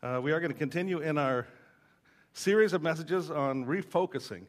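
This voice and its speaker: Man, pastor, preaching; teasing storyteller with a fairly high voice, lots of "uh"s. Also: moderate pace. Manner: joking, storytelling, many fillers. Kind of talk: sermon.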